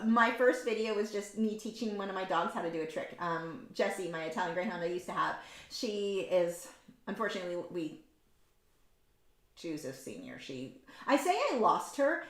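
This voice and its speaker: A woman's voice: medium pitch, lively intonation, normal speed, fairly bright tone. A woman artist chatting candidly and rambling while she paints live, frank and opinionated, with lots of ums and likes. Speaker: artist hosting a painting livestream. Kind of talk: casual chat while painting. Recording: roomy echo.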